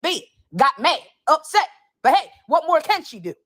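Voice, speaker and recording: A woman's voice: high voice, big pitch swings, moderate pace, fairly bright tone. A woman hosting a reaction commentary, talking bluntly and profanely. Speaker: commentary host.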